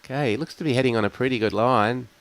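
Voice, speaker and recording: A male lawn bowls commentator calls each shot in a measured, steady way and talks through what each player might try next. His mid-pitched voice has a strong gravelly fry running through it. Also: no echo, rough recording. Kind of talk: live sports commentary. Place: bowls club.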